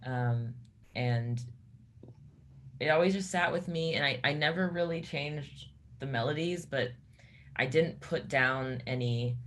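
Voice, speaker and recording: In a casual interview, a woman who sings in a metal band tells a personal story haltingly, restarting many times. She has a bass voice.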